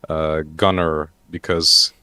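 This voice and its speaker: A man with a very low voice and a bright, forceful edge to it. He talks haltingly and keeps restarting his sentences, padding them with fillers. The sound is dry and close. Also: flat delivery, clean tone, dry recording. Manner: hesitant, lots of fillers and restarts. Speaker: roundtable panelist. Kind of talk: casual online chat.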